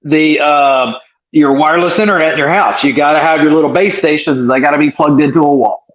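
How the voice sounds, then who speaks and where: Jokey rambling guy co-hosting over a muffled lo-fi feed, bit high voice. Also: fairly even intonation, fairly quick. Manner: joking, rambling, laughs easily. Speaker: co-host joining remotely. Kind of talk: casual live-stream chat. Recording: dull lo-fi remote call audio.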